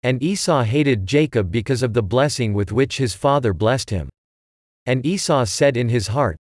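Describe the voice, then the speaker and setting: A man reads scripture aloud at an even, measured pace. His voice sits at an ordinary male pitch. The recording is dry, with no room sound. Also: no echo. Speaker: scripture reader. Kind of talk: scripture reading.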